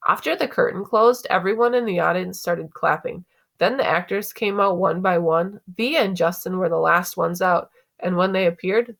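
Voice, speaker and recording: A woman teacher reading a novel aloud to students in an expressive, conversational way. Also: lowish voice, gravelly.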